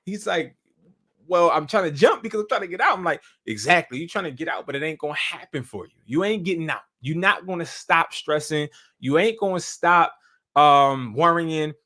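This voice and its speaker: Animated slangy man telling stories. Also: on the high side, moderate pace. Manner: loose, storytelling with slang and profanity. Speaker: host. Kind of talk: casual live-stream talk. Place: room, streaming live.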